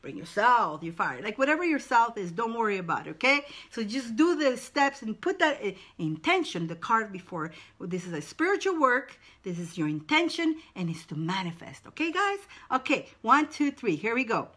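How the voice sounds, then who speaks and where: A woman's voice: fairly high pitch, sing-song, normal speed, hardly any pauses, bright, forceful tone. A woman leading a spiritual wand dance, calling out short encouraging cues and stretching her words as she guides the movements.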